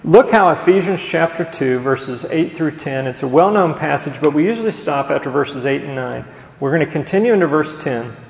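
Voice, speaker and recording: A male pastor delivers a sermon in a church sanctuary, his voice slightly higher than most men's. He preaches emphatically and keeps asking the congregation questions. The hall gives his words a long, roomy echo. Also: expressive, normal speed, creaky.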